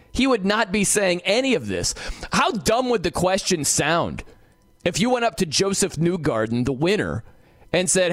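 Animated man hosting sports talk radio. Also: high voice, no echo, clean studio sound. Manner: animated, opinionated, mimics people in quoted asides. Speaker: guest radio host.

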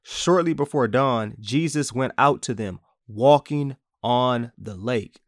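In a slow, middle-pitched voice, a man leads a casual Bible lesson on his podcast, keeping things conversational and playfully acting out quotes. The audio is dry, without any room echo.

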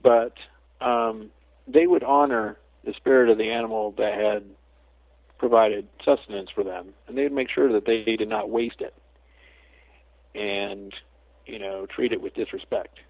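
A man talking as a guest psychic medium in a casual interview, a chatty storyteller who slips into lively quoted asides. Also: lowish voice, unhurried, vocal fry, no echo. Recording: tinny phone line, dry.

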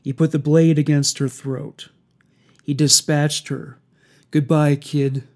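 A man reading a dark horror story aloud in a slow, steady storytelling delivery. His voice sits a little high for a man. He takes his time over each line. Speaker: narrator. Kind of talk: scripted horror story narration.

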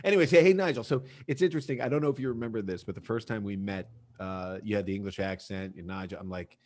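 A man hosting a podcast, joking and energetic, talking loosely with lots of filler words. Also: lowish voice, fast. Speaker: podcast host. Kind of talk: casual interview chat.

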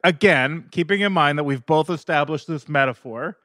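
A man's voice: fairly high pitch, moderate pace, fairly bright tone, dry recording, clean studio sound. A man appearing as a guest on a podcast, chatting in a wry, analytical way. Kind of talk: casual chat.

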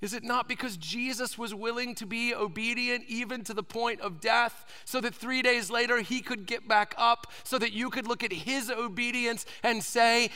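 Male preacher in his 30s, raised pitch, big reverberant hall, dramatic shifts to a whisper. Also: steady tone, a little slow, hardly any pauses. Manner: dynamic preaching, swings from loud to whispered. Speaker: pastor. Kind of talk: sermon.

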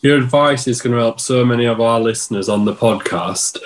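A man's voice: mid-range voice, brisk. A man co-hosts a podcast and asks the guest friendly, plain questions. His voice sits in a middle range. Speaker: podcast co-host. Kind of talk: interview questions.

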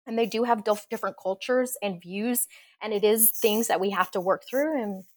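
An expressive woman speaking as a podcast guest, telling her stories with passion and frequent laughter. Her voice sits at a middle pitch. She chats casually in a relaxed interview. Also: moderate pace, dry recording.

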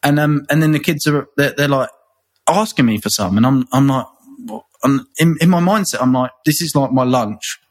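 A man's voice: mid-range voice, brisk. A man from England, a guest in an interview, talking conversationally in a rambling way, with many restarts and repeated words.

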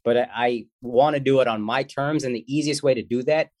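A man who is a comedian, talking as a guest in a casual interview in an animated, joking and slangy way. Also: medium pitch, brisk, no room sound.

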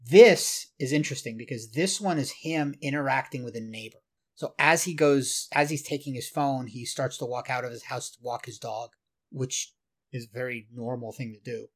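A man co-hosts a casual podcast discussion, retelling a video clip in detail and explaining it, sometimes laughing at himself. His voice is mid-range at a normal speed.

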